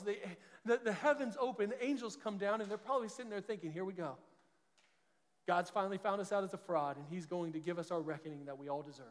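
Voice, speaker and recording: A man's voice: high voice, long reverb tail. A man, preaching a sermon in an earnest, conversational way, often restarting his sentences. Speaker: pastor.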